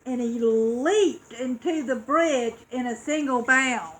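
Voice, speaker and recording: A woman reading a children's story aloud, expressive and acting out dramatic sound effects. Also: high voice, takes it slowly, low-quality recording.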